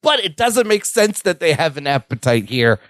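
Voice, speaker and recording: A man's voice: a little high, moderate pace, no room sound, clean studio sound. A man co-hosting a podcast, chatting casually and acting out scenes from a sitcom episode. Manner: animated, acts out quotes from the episode. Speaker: podcast co-host. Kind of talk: casual chat recapping a sitcom.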